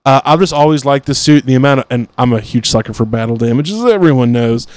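A man's voice: mid-range voice, fast talker, darkish tone. A man hosting a podcast, chatting casually in a rambling way with many fillers and restarts. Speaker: podcast host. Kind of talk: casual chat.

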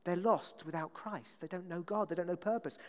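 Speaking with a slightly high, somewhat mellow voice, a man delivers a relaxed, chatty sermon, often asking the congregation "right?" to pull them in. His quick questions echo through a long church-hall reverb.

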